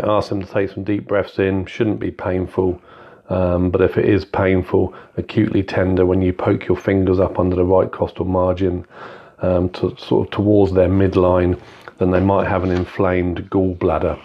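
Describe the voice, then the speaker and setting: Man as calm clinical tutor, low and steady, talking through each step. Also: dull audio. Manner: calm, methodical, step-by-step explaining. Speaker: clinical skills teacher. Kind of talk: instructional walkthrough.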